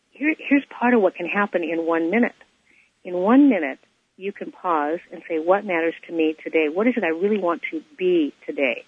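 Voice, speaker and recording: A woman co-hosting a radio show, telling a teaching story and reflecting on it, with a husky voice and a habit of repeating phrases for emphasis. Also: fairly low pitch, no echo. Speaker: co-host and spiritual teacher. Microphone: telephone. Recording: tinny phone line, dry.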